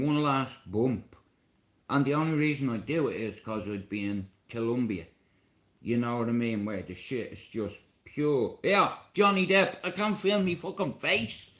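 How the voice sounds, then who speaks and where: A Dublin man live-streaming, telling a rambling, profane story and checking in with his listeners as he goes. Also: fairly low pitch. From Ireland. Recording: echoey room.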